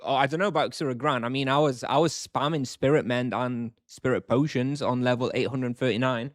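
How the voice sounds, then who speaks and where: Man game streamer, mid pitch, dry close mic, chatty running commentary while he plays. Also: fairly quick, dry recording. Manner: thinks aloud, chatty, answers chat. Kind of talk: casual live-stream commentary.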